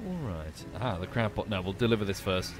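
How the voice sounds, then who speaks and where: A man's voice: lowish voice, quick pace, music in the background. A man streaming a game, talking casually and wryly, with the odd curse. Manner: chatty, wry, swears casually. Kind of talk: casual gameplay commentary.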